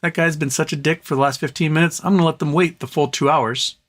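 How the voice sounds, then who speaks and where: A man's voice: on the high side, fairly even intonation, fast. Brief: foul-mouthed male host spinning long, rambling anecdotes off the cuff. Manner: rambling, profane, repeats phrases for effect. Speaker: live show host. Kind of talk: casual storytelling.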